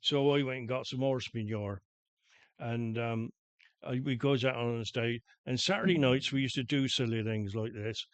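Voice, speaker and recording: Older Wiltshire man, halting rambler. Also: mid-range voice, dry recording, dull audio. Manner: halting, repeats words, dialect grammar. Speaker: podcast guest, grandfather. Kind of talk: rambling anecdotal chat.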